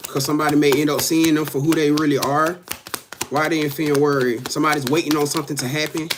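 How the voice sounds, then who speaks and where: A man's voice: on the high side, flat delivery, fast, noisy background. A man giving a casual live-stream tarot reading, talking straight to his viewers in a profane, emphatic way, repeating himself and often laughing. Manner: profane, emphatic, keeps addressing viewers directly. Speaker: tarot card reader.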